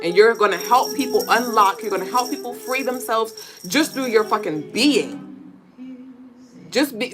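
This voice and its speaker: A woman with a fairly high voice hosts a live spiritual reading, casual and full of swearing and laughter. She talks straight to her viewers, breaks into marching chants, and has music playing behind her. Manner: profane, animated, laughing and chanting. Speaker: spiritual reader and live-stream host. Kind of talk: casual live-stream tarot-style reading.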